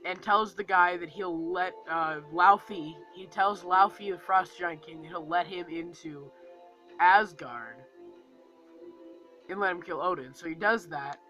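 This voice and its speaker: Bright, high-voiced man rambling about a movie. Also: measured pace, faint music behind, poor audio. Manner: rambling, filler-heavy, acts out movie lines. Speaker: movie reviewer. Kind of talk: casual movie review monologue.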